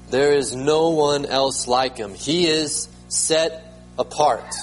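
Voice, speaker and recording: A man's voice: mid-range voice, poor audio. A man preaching a sermon as pastor, emphatic, repeating words and rising sharply when he proclaims them.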